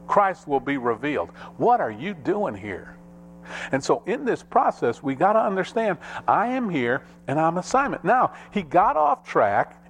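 A man preaching a sermon as pastor, with dramatic rises and drops in pitch and pace. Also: big pitch swings, measured pace, slight background noise.

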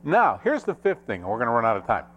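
A man preaching a sermon as pastor, with dramatic rises and drops in pitch and pace. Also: very animated, very fast, highs cut off.

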